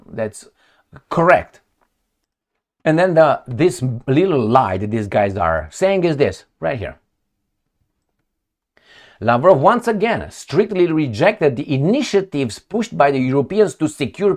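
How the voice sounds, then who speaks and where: Guy ranting about news articles, sarcastic, pitch jumps all over. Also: slow pace. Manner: animated, sarcastic, rambling with restarts. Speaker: political commentator. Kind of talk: casual commentary reading articles.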